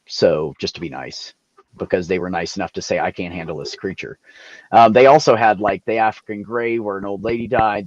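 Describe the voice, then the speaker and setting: A man casually telling animated, profane stories over a video call. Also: low-pitched, dry recording, highs cut off. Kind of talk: casual storytelling.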